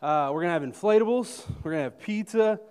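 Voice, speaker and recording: A man, a youth pastor giving energetic announcements to a youth group while out of breath. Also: high-pitched, quick pace, smooth. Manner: energetic, joking with the crowd. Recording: echoey hall.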